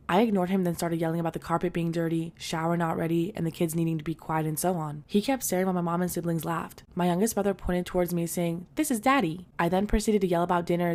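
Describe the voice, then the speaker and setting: A woman narrates a written first-person story in an even reading voice. She sits a little low in her range and moves quickly from line to line.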